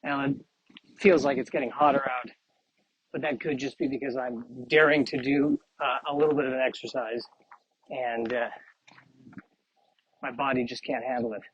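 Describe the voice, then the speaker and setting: A man with a medium-pitched, breathy-edged voice speaks at a moderate pace with fairly even intonation and long pauses. He's walking down a street hosting a solo podcast, musing in a meandering, self-deprecating way, captured in a muffled lo-fi outdoor recording.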